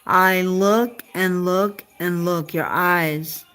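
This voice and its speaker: A woman with a slightly low voice talks casually to a single viewer on a live stream. Her talk is emotional and rambling, circling back to the same questions again and again. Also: steady tone, extremely slow, a bit bright, clean tone, faint music behind.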